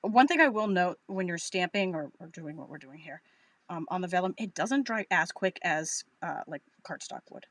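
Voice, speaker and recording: A woman's voice: fairly low pitch, lively intonation, moderate pace, fairly bright tone, dry recording. A woman with a Boston accent giving a chatty, upbeat live crafting tutorial, thinking aloud as she works. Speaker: craft demonstrator.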